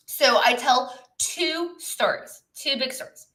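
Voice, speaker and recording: A woman's voice: fairly high pitch, animated, measured pace, few pauses, pushed and bright. A woman coaching on a livestream, chatty, often trailing off and restarting her sentences as she talks through examples. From lived in many countries. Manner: chatty, reads the live chat, trails off and restarts. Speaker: business coach. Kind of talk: live-streamed coaching talk.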